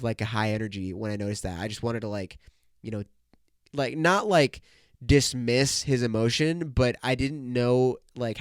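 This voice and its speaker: Casual young man podcaster, smooth voice. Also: medium pitch, no echo, clean studio sound. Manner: swears a lot, says bro, man and dude, rambling. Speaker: podcast host. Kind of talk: casual solo podcast talk.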